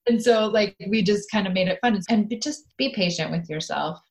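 A woman's voice: mid-range voice, a little fast. A middle-aged woman co-hosting a parenting podcast, talking in an earnest, encouraging way and now and then acting out playful scenes. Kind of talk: casual advice chat.

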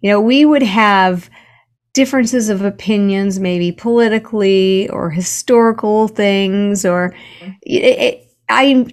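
A woman's voice: medium pitch, slow. Earnest woman author telling a story. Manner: earnest, many restarts. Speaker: author and guest. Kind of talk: conversational interview.

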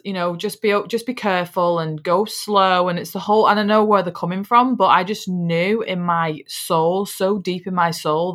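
A woman's voice: on the low side, fairly bright tone. A young Englishwoman, hosting a podcast in a casual, chatty way, often restarting phrases and dropping in "like" and "you know.". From England. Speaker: podcast host. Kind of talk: casual personal chat.

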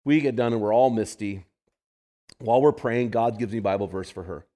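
A man's voice: lowish voice, fairly quick, mellow. A man in his fifties, a pastor telling a story in a conversational sermon to a men's group, repeating phrases for emphasis.

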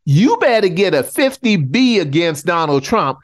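A middle-aged man from South Carolina co-hosting a political podcast, talking in an animated, teasing, showman-like way. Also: sits high, normal speed. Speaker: podcast co-host. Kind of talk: casual political chat.

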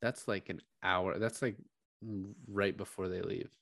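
A man with a deep, gravelly, slightly slow voice co-hosts a podcast, chatting casually about a film. He's animated, acting out quotes from its scenes between bursts of laughter, and the dry recording has a clean studio sound.

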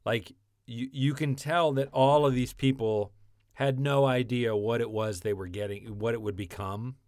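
A man in a relaxed podcast chat about actors and TV shows, rambling and animated with lots of restarts. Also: medium pitch, normal speed, no room sound, studio quality.

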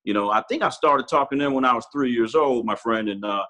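A man's voice: mid-range voice, quick pace, bright, forceful tone, low-quality recording. A Marine sergeant major in his forties, a man telling personal stories candidly and casually, often calling the host brother. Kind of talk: candid conversational storytelling.

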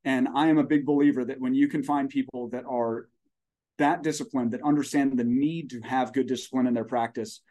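A man's voice: mid-range voice, fairly even intonation, brisk, dark tone. A man in his forties, a startup CEO guest on a podcast, talking in an expansive, folksy way with long storytelling tangents. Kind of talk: conversational podcast interview.

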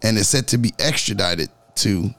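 A man hosting a podcast, reading news stories in a lively, joking way. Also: lowish voice, moderate pace. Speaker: podcast host. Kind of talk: casual podcast news chat.

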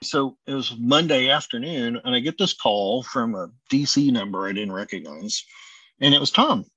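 Man, chef, guest storyteller, animated, middle pitch, dry, lo-fi. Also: normal speed, husky, no echo. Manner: animated storyteller acting out dialogue. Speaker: chef and restaurant owner, guest. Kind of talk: casual storytelling interview.

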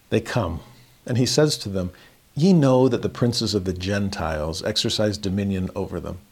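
This man teaches scripture verse by verse in a chatty manner, laughing frequently and raising his pitch for emphasis. His tone is darkish and husky.

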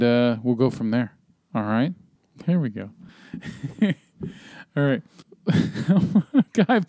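A podcast host with a medium, slightly mellow voice recaps a film plot, reading a summary in a loose, rambling way packed with ums, fillers, and casual swearing. The sound is studio quality with no room noise.

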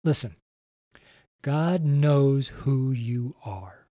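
Earnest mellow-voiced man preaching. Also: medium pitch, expressive, very slow, no room sound. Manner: earnest, repetitive, direct address to listener. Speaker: podcast preacher. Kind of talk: evangelistic podcast sermon.

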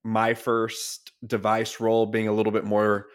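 Low, smooth-voiced man chatting casually. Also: completely flat delivery, unhurried. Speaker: podcast co-host, device sales rep. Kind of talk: casual podcast chat.

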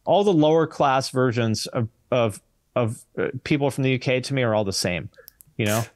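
Male podcast host, mid pitch, blunt and wry, dry close-miked sound. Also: moderate pace, dry recording. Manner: blunt, joking, swears freely. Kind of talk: casual chat.

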